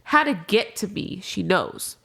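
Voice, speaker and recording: A woman's voice: mid-range voice, huge pitch swings, unhurried, vocal fry, pushed and bright. A young adult woman as a podcast guest, talking candidly and casually about grief, swearing freely and trailing off into restarts.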